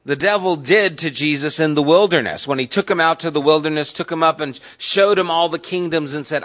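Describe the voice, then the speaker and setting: A man's voice: a little high, brisk, hardly any pauses, a bit bright. A man teaching a Bible study class in a conversational way, putting questions to the group.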